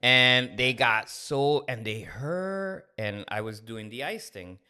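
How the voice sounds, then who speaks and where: A co-host in his thirties opens up on a podcast with an honest personal anecdote, animatedly playing out the dialogue. His voice is medium-pitched with a clean tone, and he speaks slowly in a casual storytelling style.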